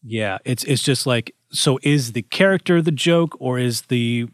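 A man's voice: medium pitch, a little slow, no room sound, clean studio sound. A man co-hosting a casual comedy panel, rambling with many restarts and fillers. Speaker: podcast co-host. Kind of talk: casual discussion.

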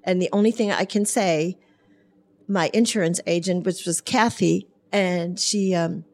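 Interview guest: woman, an animated storyteller who acts out voices and laughs a lot. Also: lowish voice, unhurried. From Germany. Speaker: guest, hairdresser. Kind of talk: storytelling in a talk show interview.

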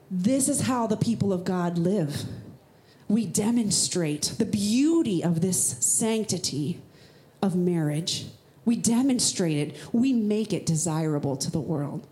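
A woman pastor gives a sermon in a casual, talky way. She leans hard on emphatic phrases and leaps into high, playful rhetorical questions. Her everyday speaking voice sits in a middle pitch. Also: dark tone. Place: church.

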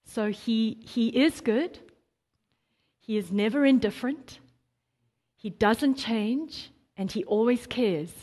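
A woman preaching a sermon, earnest and animated, quoting scripture with emphasis and breaking into light laughs. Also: on the high side, slow pace, long pauses. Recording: long hall reverb.

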